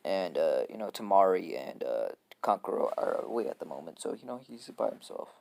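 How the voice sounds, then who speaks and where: Gravelly man telling a casual story. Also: deep voice, big pitch swings, fairly quick, a little mellow. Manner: hesitant, lots of fillers.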